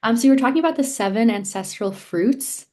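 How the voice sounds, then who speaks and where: A woman's voice: on the high side, animated, brisk, dark tone, faint music behind. A woman taking part in a virtual gathering, asking a question hesitantly and with many fillers on a video call. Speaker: participant.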